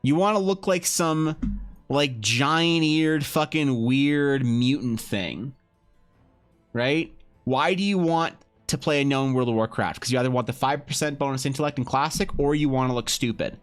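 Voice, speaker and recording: Male streamer, drawing live, casual rambling profane banter, soft music behind him. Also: mid-range voice, normal speed. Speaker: livestreaming artist.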